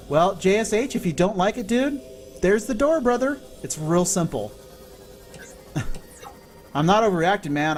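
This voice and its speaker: A man from California chatting excitably and swearing casually while he streams a video game. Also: on the high side, a little hiss or hum. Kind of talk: live gameplay stream chat.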